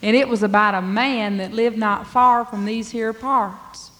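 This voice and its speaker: Lady spinning a folk tale real slow, big hall echo. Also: on the high side, fairly even intonation, a bit bright. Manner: drawling, dialect-rich telling. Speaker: storyteller. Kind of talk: folk storytelling performance. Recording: long hall reverb.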